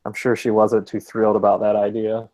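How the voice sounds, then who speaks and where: A man's voice: on the low side, completely flat delivery, brisk, mellow. A young man on a podcast telling a long, rambling anecdote in casual chat, swearing freely and filling with "like.". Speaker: podcast co-host telling a story.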